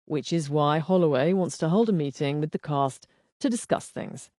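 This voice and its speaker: A woman reading the lines of a suave, teasing husband in an audiobook, in a dry, unhurried manner. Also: sits low, darkish tone, no room sound. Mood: matter-of-fact. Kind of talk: audiobook dialogue.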